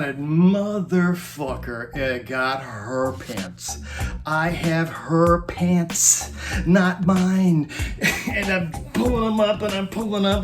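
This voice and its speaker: A man in his fifties tells a rowdy story in a loose, rambling way and keeps breaking into chuckles. His voice sits a little high for a man. Clear music plays behind him the whole time. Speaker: former roadie telling tour stories. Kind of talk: casual comic storytelling. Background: music playing under the voice.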